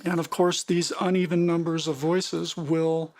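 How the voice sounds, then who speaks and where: Gravelly-voiced synth tutorial host. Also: mid-range voice, little pitch movement, a little slow, darkish tone. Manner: casual, explanatory, often repeats words and corrects himself. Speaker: music production tutor. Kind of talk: screen-recorded software tutorial.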